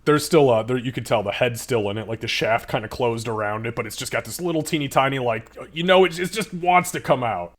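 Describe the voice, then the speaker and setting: Casual, profane game master. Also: male voice, mid-range voice, a little fast, hardly any pauses. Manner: loose, profane, full of fillers. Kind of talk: narrating a tabletop game.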